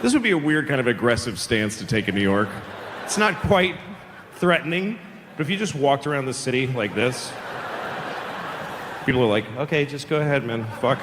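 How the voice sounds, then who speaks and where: A man's voice: mid-range voice, big pitch swings, normal speed, long pauses. A man doing a stand-up comedy set, telling rambling, profane stories in a loose conversational way. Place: large theater stage. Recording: long hall reverb with audience noise.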